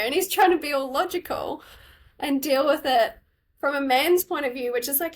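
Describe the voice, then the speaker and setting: A woman speaks through tears. She tells her story candidly, in halting phrases full of fillers and restarts, as a podcast co-host. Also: sits high. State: tearful. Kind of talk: emotional personal story in casual chat.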